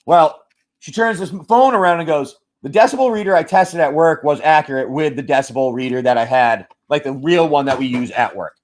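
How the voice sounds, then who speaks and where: A man with a slightly high voice tells a rambling story as he hosts a live card-opening stream. He swears freely and acts out each side of the talk. He stays loud and casual the whole way through. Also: a little fast. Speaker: live card-break seller. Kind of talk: casual chat while opening card packs.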